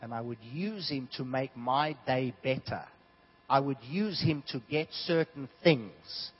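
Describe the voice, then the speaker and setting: A South African man preaches a sermon, telling stories with animation that swings between hushed and loud. His husky, mid-range voice is unhurried, and the recording has a dull lo-fi sound.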